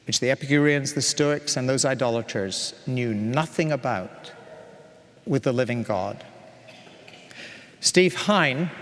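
Preaching man in a reverberant hall. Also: a little high. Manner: earnest, measured preaching with emphatic repetition. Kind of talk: sermon.

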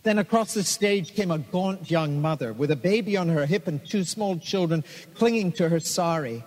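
A man narrates a story with a steady, expressive delivery. His voice sits fairly high for a man. A long, hall-like reverb hangs behind every line. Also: normal speed, few pauses.

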